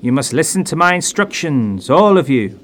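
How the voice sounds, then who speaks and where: A commanding woman clairvoyant, put on by a male narrator, declaims in a raised, higher voice in a spooky audio story. She is intense and theatrical, with a gentle hum of train noise behind her. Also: big pitch swings, normal speed. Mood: entranced. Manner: dramatic, declaiming.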